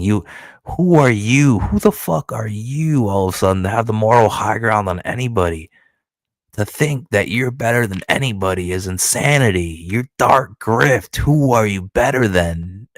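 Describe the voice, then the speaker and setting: A man with a low voice rants angrily on a stream, swearing constantly and piling on insults. The sound is dry and close, with no room echo. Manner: angry, profane, insulting, repetitive. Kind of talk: ranting stream commentary.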